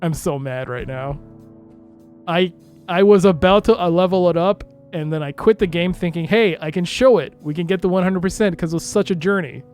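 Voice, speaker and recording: Exasperated streamer yelling over game music. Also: mid-range voice, moderate pace. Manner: exasperated, shouting and laughing. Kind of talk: live gameplay commentary.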